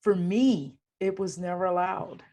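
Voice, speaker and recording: A woman's voice: fairly low pitch, slow. A woman hosting a podcast as a coach, talking casually and affirming her guest often. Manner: warmly affirming, coaching tone, frequent agreement.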